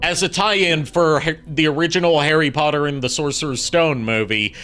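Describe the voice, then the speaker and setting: Male gaming host, rambling storyteller, slightly high voice. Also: normal speed, over music. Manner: rambling storyteller, laughs often. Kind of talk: casual let's-play commentary.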